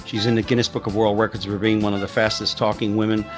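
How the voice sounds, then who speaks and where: A man's voice: lowish voice, level tone, fast, soft background music. A man hosting a live radio show, introducing his guest in an upbeat way and asking her to tell a story. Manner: upbeat introductions, with short listening murmurs. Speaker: radio host.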